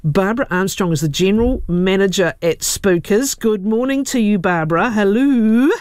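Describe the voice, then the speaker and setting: A woman's voice: medium pitch, lively intonation, moderate pace, darkish tone, dry recording, studio quality. A woman hosting a live radio interview, chatty and playful, often laughing. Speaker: radio host. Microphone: studio microphone.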